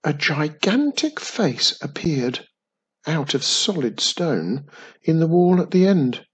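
A man narrating a children's story in a gentle, expressive reading. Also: on the high side, slow, husky.

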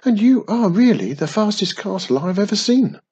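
Brief: young girl witch, high, eager, breathy, played by a man. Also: sing-song, unhurried, a little mellow, muffled recording, heavily acted. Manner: eager, stuttering when nervous. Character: young female witch, cheerful and curious.

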